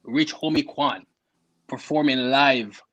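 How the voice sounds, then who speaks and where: Man, podcast co-host, relaxed slangy storytelling. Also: medium pitch, slow pace, lo-fi sound. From Canada. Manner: relaxed, slangy, laughs through his stories. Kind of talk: casual chat, storytelling.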